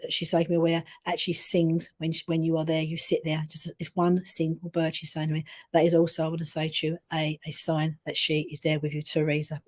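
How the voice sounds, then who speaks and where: A woman medium giving a live reading to a grieving mother, speaking softly and haltingly, often pausing to say "I wanna say to you" and "okay?". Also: on the low side. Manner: soft, gentle and consoling. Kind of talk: live-streamed intuitive reading.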